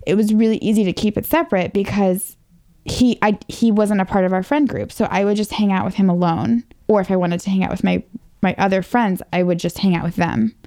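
A brisk, warm, steady-toned voice at medium pitch. The speaker, an interview guest in her twenties from Northern Virginia, USA, casually recounts her own past, teasing herself and using "like" often.

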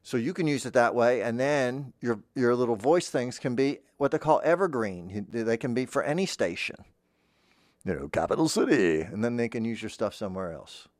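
A man's voice: medium pitch, fairly quick, hardly any pauses, darkish tone, no echo, clean studio sound. A man in a mock-earnest improvised comedy monologue, playing a voice-acting teacher who rambles and keeps interrupting himself.

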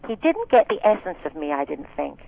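A woman's voice: deep voice, very animated, a little fast, creaky. A woman in her sixties from Scotland, a singer and actress telling frank, chatty stories with many asides in a casual interview. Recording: tinny phone line, dry.

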